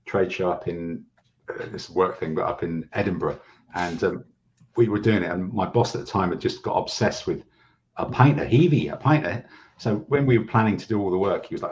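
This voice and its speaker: A man from Britain, a podcast guest telling relaxed anecdotes in a lowish voice. He comes through a dull, lo-fi remote line with a faint hiss behind him. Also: brisk. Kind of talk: casual podcast chat, remote.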